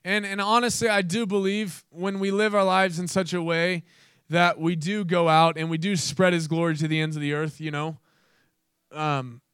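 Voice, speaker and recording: Male preacher, high smooth voice, dry close sound, earnest with playful asides. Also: level tone, moderate pace, a bit bright, no echo. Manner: earnest, laughs at own jokes, playful asides. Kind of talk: sermon.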